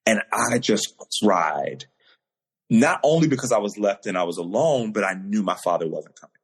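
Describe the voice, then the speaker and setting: A man's voice: on the low side, animated, moderate pace, breathy edge. A man, a podcast guest on a video call, telling a personal story in an earnest, emotional way that grows in intensity.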